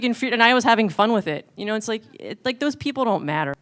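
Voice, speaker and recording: A woman's voice: fairly high pitch, lively intonation, very fast, fairly bright tone, a little hiss or hum. A woman on a comedy panel, talking animatedly and acting out exchanges. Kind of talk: panel discussion.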